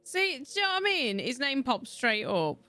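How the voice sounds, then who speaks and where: With a high, sing-song voice at normal speed, a young Yorkshire woman from England chats and rambles during a game livestream. She swears freely and laughs often, and soft music runs in the background.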